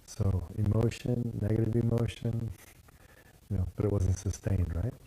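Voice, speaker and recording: A man's voice: lowish voice, fairly even intonation, normal speed, dark tone. A man giving a casual, digressive dharma talk as a meditation teacher, often tagging on "you know" and "right?".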